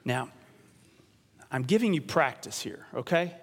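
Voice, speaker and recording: Pastor preaching in a reverberant church. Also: male voice, medium pitch, expressive. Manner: dramatic pauses, drops to a hush on key words; leads the congregation in call and response. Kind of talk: sermon. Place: church sanctuary. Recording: long reverb of a large church.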